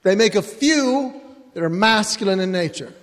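A man's voice: sits high, expressive, normal speed, big-room sound. A man doing stand-up comedy before a live audience, animatedly telling family stories.

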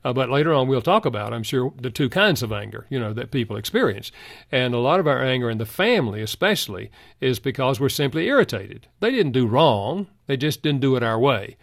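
A man's voice: mid-range voice, sing-song, fairly quick, creaky, no room sound, studio quality. An older man, a guest counselor in a Christian radio interview, telling stories in an earnest way. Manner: earnest storytelling.

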